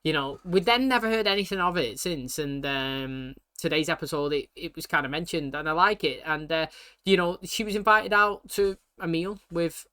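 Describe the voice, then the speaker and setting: Fast-talking British man, bright voice. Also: fairly high pitch, clean tone. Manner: fast, slangy talk with many fillers. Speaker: TV reaction channel host. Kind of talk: casual reaction commentary.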